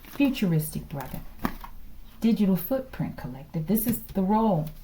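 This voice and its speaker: A woman's voice: mid-range voice, very animated, normal speed, mellow. A woman reading tarot in a casual vlog, talking emphatically and often checking in with her listeners. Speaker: tarot reader.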